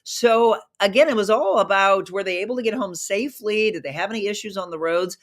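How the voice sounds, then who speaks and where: A woman hosts a live online show in a relaxed, chatty way, greeting viewers by name and reading out their comments. Her mid-pitched voice carries a slight hoarseness left over from being sick. She sounds upbeat and at ease, like a longtime broadcaster. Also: brisk.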